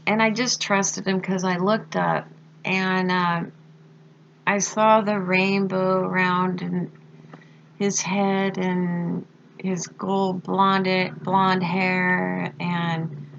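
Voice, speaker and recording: A woman slowly recounting a personal experience, halting with fillers and pauses. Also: mid-range voice, creaky, fairly bright tone, a little hiss or hum. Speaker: storyteller recounting a near-death experience. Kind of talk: slow personal testimony. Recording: dull lo-fi recording.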